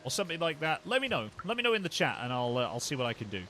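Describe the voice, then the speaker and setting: A man's voice: on the high side, sing-song, very fast, over music. A man live-streaming a game, chatting playfully and talking straight to his chat.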